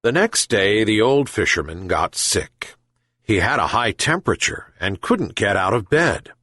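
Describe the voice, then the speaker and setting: Slow, expressive male storyteller. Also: lowish voice, slightly rough, no room sound, clean studio sound. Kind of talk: storybook narration.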